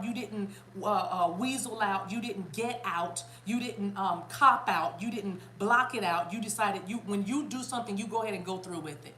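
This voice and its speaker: A chatty, animated woman from South Carolina, giving a casual spiritual reading to her viewers. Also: mid-range voice, roomy sound, a little hiss or hum. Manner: animated, chatty, bursts into laughter and song. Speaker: spiritual reader.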